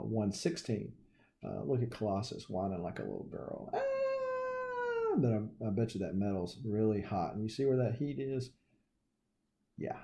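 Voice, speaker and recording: Low-voiced Southern man showing his comics. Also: slight background noise. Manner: folksy, joking asides. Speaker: comic collector vlogger. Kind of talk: casual show-and-tell.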